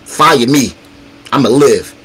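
A man chatting casually on a livestream as a battle rapper guest, animated, profane and combative, teasing the chat directly. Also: mid-range voice, takes it slowly, husky.

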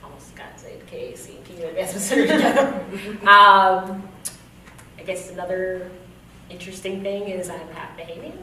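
A woman's voice: fairly low pitch, moderate pace, sharp tone, a little hiss or hum. A woman who is a worship leader, chatting on a panel with laughing asides. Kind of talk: casual panel chat. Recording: echoey room from far off.

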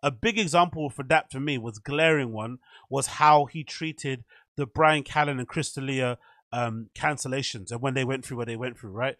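A man's voice: medium pitch, a bit bright, no echo, studio quality. A man hosting a commentary channel, chatting casually and rambling with fillers.

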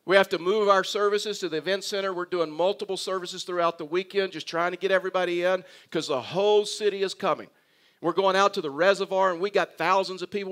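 Casting note: middle-aged man with a high voice, a pastor giving a conversational sermon with dry humor. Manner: conversational storytelling, wry humor; animated, voices imagined dialogue with Jonah.

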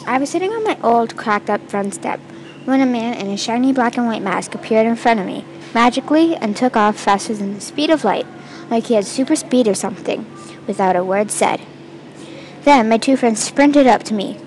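A woman reading her own first-person fantasy story aloud in an amateur, halting way, with restarts and stumbles. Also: fairly high pitch, expressive, darkish tone, a little hiss or hum, rough recording. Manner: first-person storytelling with quoted lines read in the same voice.

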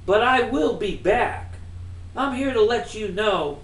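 A man voicing a calm, solemn old man who is guarding a child, in an echoey room. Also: high-pitched, slow, exaggerated voice.

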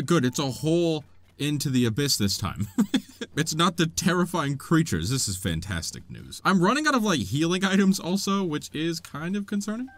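Excitable high-voiced young man gaming. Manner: excitable, laughs often, talks to the game characters. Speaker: gaming video creator. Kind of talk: let's play commentary.

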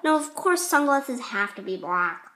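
A woman's voice: high-pitched, big pitch swings, unhurried, fairly bright tone, slight background noise. A woman hosting a casual craft tutorial, chatty and rambling, often apologizing as she explains. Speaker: art tutorial host.

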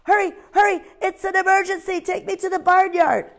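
A woman voicing a lazy young male owl in a storybook read-aloud, yelling high and shrill. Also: flat delivery, a little fast. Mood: frantic.

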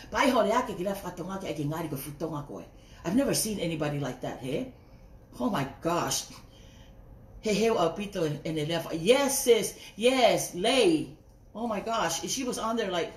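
A woman ranting on a casual livestream, swearing heatedly and breaking off to greet viewers by name. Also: mid-range voice. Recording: roomy echo.

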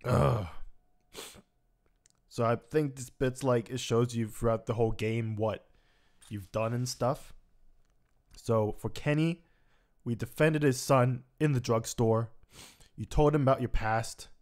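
Young male game commentator, tearful, sighing, mid-pitched, reading results aloud with emotion. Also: steady tone, slow, long pauses, a little mellow. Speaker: gaming commentator. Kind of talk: let's play commentary.

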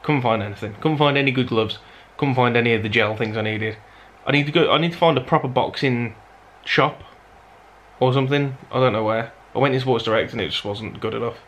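A man's voice: medium pitch, fairly quick, a bit bright, slight background noise. A man with a Black Country accent chatting casually to camera in a vlog, rambling and self-deprecating. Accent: Black Country (Dudley). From Black Country, England. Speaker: vlogger.

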